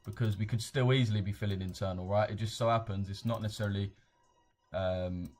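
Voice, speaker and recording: A man's voice: lowish voice, steady tone, a little fast, darkish tone. A young man with a London accent, chatting casually and rambling in slang on a live trading stream. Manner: slangy, rambling, reads chat aloud.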